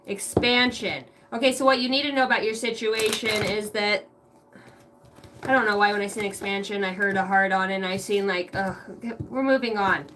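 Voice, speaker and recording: A woman's voice: mid-range voice, fairly even intonation, normal speed, noisy background. A woman doing a casual tarot reading, swearing freely and breaking into laughter often. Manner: giggly, crude, keeps breaking into laughter. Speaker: tarot reader.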